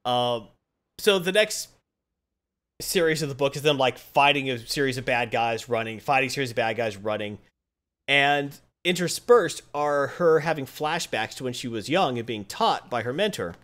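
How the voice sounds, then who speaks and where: Animated man rambling through a story. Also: medium pitch, normal speed. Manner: rambling, lots of "like" fillers. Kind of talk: casual chat recapping a comic.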